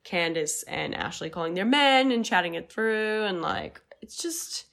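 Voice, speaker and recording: A woman with an Australian accent, co-hosting a podcast in lively casual chat, swearing casually. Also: medium pitch, a little slow, gravelly. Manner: animated, swears casually, quotes people in voices. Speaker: podcast co-host.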